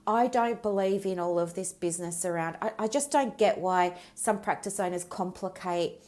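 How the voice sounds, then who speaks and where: A middle-aged woman, a podcast host and business mentor, runs a solo podcast where she tells a story from her practice in a candid, chatty way, drifting onto tangents. Her voice is on the low side and dark in tone, at a normal speed.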